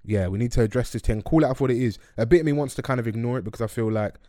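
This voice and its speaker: A man's voice: medium pitch, no room sound. A young man hosting a podcast, chatting casually with slang and jokes into a close mic. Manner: quick, animated and joking, heavy with slang. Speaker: podcast host.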